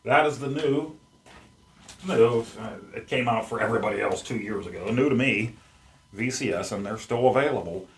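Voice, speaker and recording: A man's voice: medium pitch, moderate pace, a little hiss or hum. A man hosting a casual unboxing vlog at home, chatting in a rambling way as he handles the gear. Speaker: YouTube host. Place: at home among his game collection.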